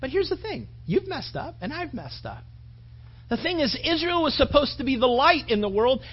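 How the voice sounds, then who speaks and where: A man's voice: extremely high pitch, big pitch swings, normal speed, highs cut off. A man pastor preaching a sermon in a casual, emphatic way, with frequent repetitions and asides to the congregation.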